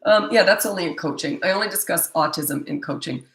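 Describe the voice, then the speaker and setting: A woman's voice: on the low side, fairly quick, a bit bright. A middle-aged woman, a parenting coach, answering viewer questions in a blunt, emphatic and opinionated way. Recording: echoey room.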